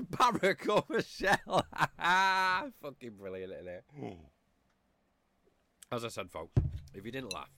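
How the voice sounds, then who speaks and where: A man's voice: medium pitch, lively intonation, slow pace, pauses often, noisy background. A man hosting a podcast, delivering a profane, rambling and mocking rant on his own. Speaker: podcast host. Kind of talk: ranting podcast monologue.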